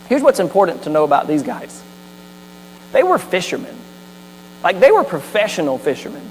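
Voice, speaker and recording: A man's voice: high-pitched, a little mellow. A man preaching a sermon as a pastor, telling the story animatedly with asides. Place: church sanctuary. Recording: hall reverb with faint mains hum.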